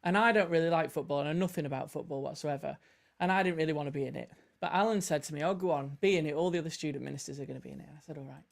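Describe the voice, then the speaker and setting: A man's voice: on the high side, very fast, vocal fry. A man with a northern English accent, a guest minister telling funny stories in a casual chat. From North West England. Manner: storytelling, self-mocking.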